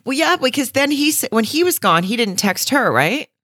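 A woman's voice: sits high, very animated, normal speed, fairly bright tone, no room sound, clean studio sound. A woman co-hosting a podcast, candidly chatting about a reality show, swearing and laughing often. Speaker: podcast co-host. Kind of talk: casual chat recapping a reality show.

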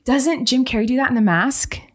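A woman's voice: sits high, fairly quick. A woman co-hosting a podcast in casual chat, giggly and playful as she guesses along. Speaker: podcast co-host.

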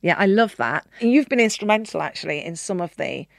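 A woman, a podcast guest telling candid stories in a lively way, laughing often and acting out the voices she quotes. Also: fairly low pitch, brisk, gravelly, dry recording, clean studio sound. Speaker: podcast guest, keynote speaker. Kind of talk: candid conversational storytelling.

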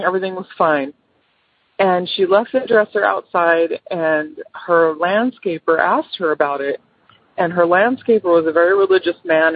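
Woman, caller, husky voice, tinny phone line, rambling ghost story. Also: on the low side, no room sound. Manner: chatty, rambling with fillers and quoted voices.

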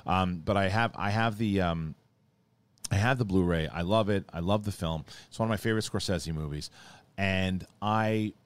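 Low-voiced rambling podcast host man. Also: normal speed, smooth. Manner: rambling, animated storyteller with restarts. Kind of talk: casual chat.

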